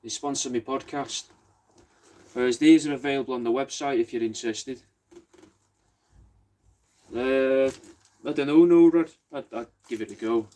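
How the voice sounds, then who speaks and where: Brief: young guy, crude jokey host, average pitch, easygoing chat. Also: moderate pace, long pauses, dark tone. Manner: sweary, joking banter. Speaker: podcast host livestreaming crafts. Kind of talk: casual chat.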